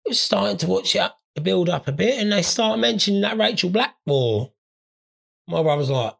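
A stoned man hosts his podcast in a loose, rambling monologue, swearing freely as he tells his stories. His voice sits a little high, with a gravelly, husky rasp. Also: lively intonation, moderate pace, a bit bright. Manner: crude, sweary, rambling storyteller. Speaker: podcast host. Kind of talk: casual comedic monologue.

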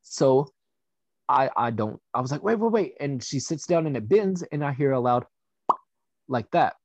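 A young man telling a personal story in a casual, blunt way, swearing freely and filling pauses with "you know". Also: mid-range voice, a little mellow, no echo, lo-fi sound. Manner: candid and profane, with frequent fillers.

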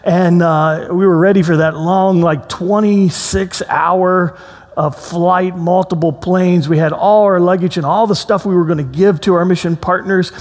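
Animated storytelling pastor in a reverberant hall. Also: male voice, high-pitched, a little slow. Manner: storytelling, animated, acts out quotes in a raised voice. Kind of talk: sermon. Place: church sanctuary.

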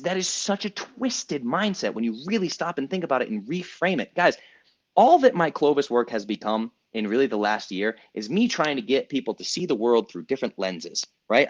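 A man in his thirties speaking as a coach to his group, his pitch rising and falling with lots of energy. He talks emphatically, repeats lines for effect and swears casually. The sound is a bit dull and lo-fi. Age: 30s. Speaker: coach and podcast host. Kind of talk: group coaching call monologue.

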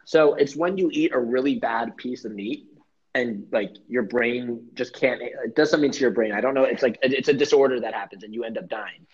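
Husky-voiced young man riffing on sports. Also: mid-range voice, fairly quick. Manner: rambling, jokey, swears freely. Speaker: podcast host. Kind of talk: casual sports chat. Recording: muffled lo-fi podcast audio.

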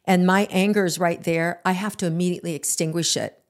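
A woman's voice: lowish voice, quick pace. A woman co-hosting a podcast, telling a story in casual chat, acting out the dialogue and swearing freely. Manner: animated, acts out the dialogue in her story. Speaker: podcast co-host.

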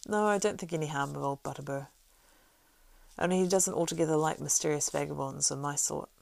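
A woman reading the part of a weathered male ranger, measured, wry and grave. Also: deep voice, gravelly, darkish tone, no echo.

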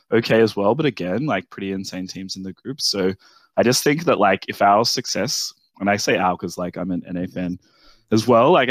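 A young man from Australia calls in with a low voice and talks in a loose, rambling way full of fillers. His line sounds dry and close. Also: dry recording. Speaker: caller. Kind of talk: casual esports discussion.

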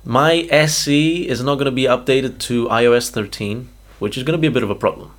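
A man's voice: mid-range voice, fairly quick. A young man co-hosting a podcast, chatting casually and animatedly, often tagging "okay?" onto his points. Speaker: podcast co-host. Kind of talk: casual chat.

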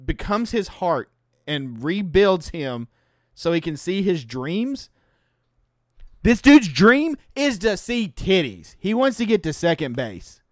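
A man co-hosting a podcast, chatting casually and telling stories in an animated, exaggerated way. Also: high voice, takes it slowly, no echo, studio quality. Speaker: podcast co-host. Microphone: podcast mic.

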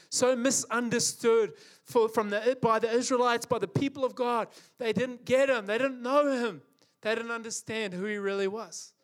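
Male preacher, high voice, impassioned, emphatic, repeats for effect. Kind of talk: sermon.

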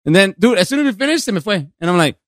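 Host type: animated high-voiced man, mixes English and Spanish, dry close mic. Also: very fast, no room sound. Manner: switches between English and Spanish mid-sentence, laughs a lot. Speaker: podcast host. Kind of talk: casual storytelling chat.

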